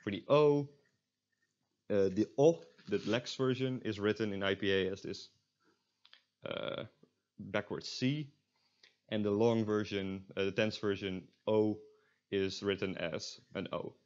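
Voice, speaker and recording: A man's voice: on the low side, fairly even intonation, darkish tone. Man teaching a language lesson, lo-fi. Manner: explanatory, with frequent filler pauses. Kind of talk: recorded online language lesson.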